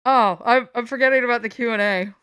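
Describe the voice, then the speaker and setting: A woman's voice: on the high side, steady tone, fairly quick, a bit bright, clear, resonant tone, no room sound, studio quality. A woman from the United States chatting casually on a live stream from home, rambling and joking at her own expense. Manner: rambling, playful, self-mocking. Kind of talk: casual livestream chat. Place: at home, sitting on the floor.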